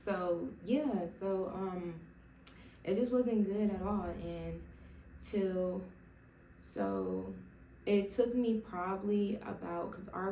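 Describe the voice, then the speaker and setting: Gravelly-voiced young woman sharing her testimony. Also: fairly low pitch, dark tone, recorded from a distance, a little hiss or hum. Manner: emotional and rambling, many 'like' fillers and restarts. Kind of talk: personal testimony told casually to camera. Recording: roomy sound from away from the mic.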